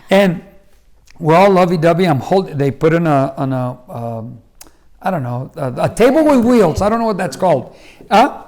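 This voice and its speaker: A middle-aged man spins a family story in casual chat, his voice sitting a touch high for a man. He acts out each quoted line, jumping up in loudness and pitch, then dropping back down to tell the rest. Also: normal speed. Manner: animated storyteller who acts out quoted lines with bursts of loudness. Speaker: host, husband and father.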